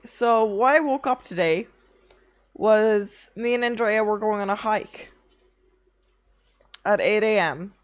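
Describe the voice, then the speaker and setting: A young woman streaming, chatting casually with her chat, tired from little sleep, rambling through anecdotes and swearing often. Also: medium pitch.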